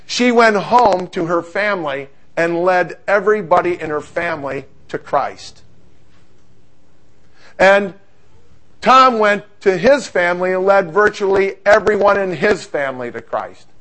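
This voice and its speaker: A middle-aged man preaching a sermon, telling stories in an animated, humorous way. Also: sits high, a little slow.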